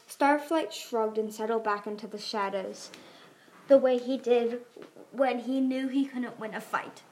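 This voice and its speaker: A woman reading a children's fantasy book aloud, expressive, doing character voices. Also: fairly high pitch, a little slow. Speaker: audiobook reader. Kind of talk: amateur audiobook narration.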